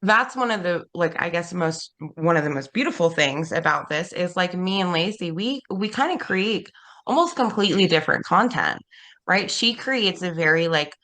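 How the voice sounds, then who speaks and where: A woman interviewed in a casual chat, talking in a relaxed, rambling way with many restarts. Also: lowish voice, moderate pace. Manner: relaxed, rambling, laughs often. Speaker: interview guest, content creator.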